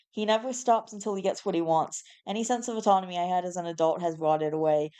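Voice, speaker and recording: A woman's voice: fairly low pitch, fairly even intonation, fast talker, hardly any pauses, dark tone, clear, resonant tone. A woman hosting a channel where she reads posts aloud, with mock-solemn drama and chatty asides. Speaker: host reading online posts. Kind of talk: reading a post aloud to camera.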